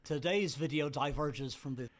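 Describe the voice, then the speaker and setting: A man's voice: fairly high pitch, normal speed, pitched above the performer's own voice, close to an everyday voice. A man speaking in an overdone fake Irish accent as he opens his own video. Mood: mock-cheery. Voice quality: overdone theatrical delivery. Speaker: video creator.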